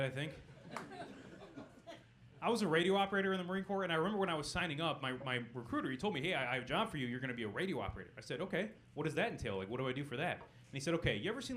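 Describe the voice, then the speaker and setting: A young man doing stand-up on a club stage, talking quickly with a lively, bouncing delivery. He drops deadpan punchlines into a handheld mic and chats with the crowd, while a faint hiss sits under the recording. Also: medium pitch. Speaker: stand-up comedian. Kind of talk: stand-up comedy set. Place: comedy club stage with audience.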